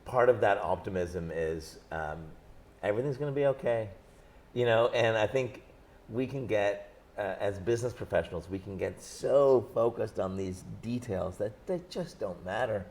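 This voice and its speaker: A man in his thirties, a book's author, talking in an animated, jokey way in an interview on a set. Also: lowish voice. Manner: animated, jokey, quick bursts. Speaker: author guest. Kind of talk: conversational interview. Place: studio set.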